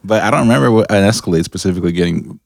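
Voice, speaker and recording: Canadian man, very deep voice, hesitant rambling guest, dry sound. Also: racing, creaky, dry recording. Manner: rambling, hesitant, self-correcting. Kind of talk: casual podcast chat.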